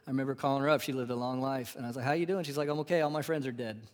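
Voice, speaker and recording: Impassioned preacher in a reverberant hall. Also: male voice, medium pitch. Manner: swings from loud, rising emphasis to hushed, drawn-out whispers. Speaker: pastor. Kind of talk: sermon. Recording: live sermon with long hall reverb.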